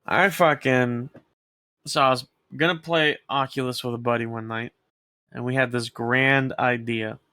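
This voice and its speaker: A man's voice: mid-range voice, fairly even intonation, measured pace, sharp tone, no room sound, studio quality. A man co-hosting a podcast, casually rambling through a story with lots of swearing and acted-out quotes. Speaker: podcast co-host. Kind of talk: casual chat.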